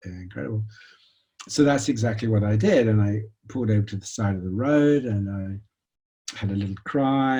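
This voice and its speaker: Husky male lecturer. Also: fairly low pitch. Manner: conversational, animated storytelling with restarts. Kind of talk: lecture with personal story.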